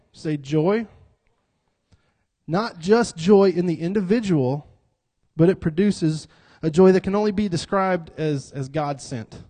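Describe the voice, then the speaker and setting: A warm, fairly high male voice leads a church sermon that invites participation. He kids around, calls himself a cut-up, and asks the congregation to repeat lines after him.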